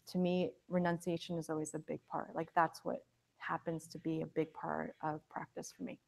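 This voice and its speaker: A woman's voice: low-pitched, creaky, darkish tone. A young adult woman giving a casual, conversational Buddhist teaching, sometimes acting out quoted voices. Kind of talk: casual dharma talk.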